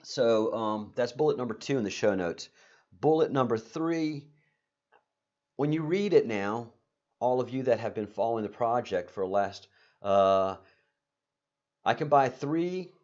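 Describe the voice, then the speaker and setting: A man hosting a live stream in a casual monologue, rambling and halting with many fillers and restarts, breaking into sarcastic, excitable asides. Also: medium pitch, lo-fi sound.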